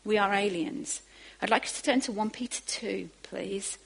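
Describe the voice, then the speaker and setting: A woman preaching a sermon, moving from quiet asides to emphatic, rising bursts. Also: mid-range voice, moderate pace, creaky, slightly rough, low-quality recording.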